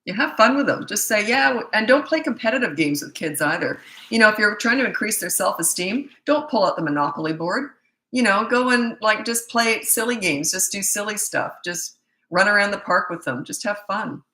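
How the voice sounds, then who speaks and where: A woman's voice: mid-range voice, lively intonation, moderate pace, sharp tone. A middle-aged woman, a parenting coach, bluntly and emphatically answering viewer questions in a live Q&A session. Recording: echoey room.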